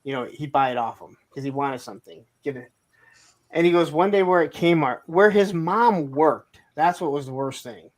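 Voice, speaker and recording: A man with a somewhat high speaking voice, chatting casually on a home live stream. He spins long rambling stories, slipping into other people's lines and laughing as he goes. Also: lively intonation, normal speed. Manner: rambling anecdotes, acts out quotes, laughs often. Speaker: co-host of a toy live stream. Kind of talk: casual storytelling chat. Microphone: streaming mic.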